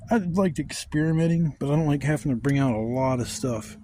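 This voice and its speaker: Camping vlogger man, outdoors at a woodland camp, dark, relaxed voice, loose rambling chat with plenty of swearing. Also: fairly high pitch, fairly quick, slight background noise. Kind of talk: casual chat.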